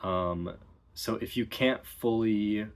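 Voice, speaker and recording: A man giving a relaxed, explanatory video lesson as a dialect coach, pausing often with ums. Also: on the low side.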